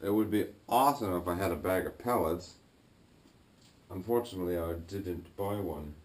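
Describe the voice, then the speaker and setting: A man talking casually as he works on his home boiler, thinking aloud with fillers and throat clearing. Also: low voice, normal speed, a little hiss or hum. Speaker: DIY builder vlogging his project. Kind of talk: casual talk-through while working. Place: garage boiler room, indoors. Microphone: action camera.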